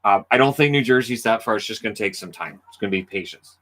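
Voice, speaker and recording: A man's voice: on the low side, fast, fairly bright tone. A middle-aged man hosting a casual livestream, talking in an easygoing, rambling way with frequent ums while playing a hockey video game. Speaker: livestream host.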